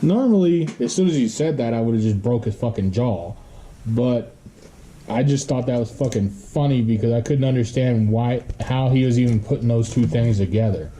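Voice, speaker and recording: A man telling a story in a casual monologue, blunt and profane, swearing constantly and pausing often as he goes. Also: mid-range voice, dark tone, a little hiss or hum.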